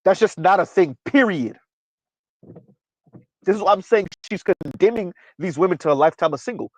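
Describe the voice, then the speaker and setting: Emphatic stream host, man, pitched a little high, dry close mic. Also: animated, normal speed, a little mellow, no echo, poor audio. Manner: emphatic, repeats "right?" often. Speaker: commentary channel host. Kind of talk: livestream commentary reading chat.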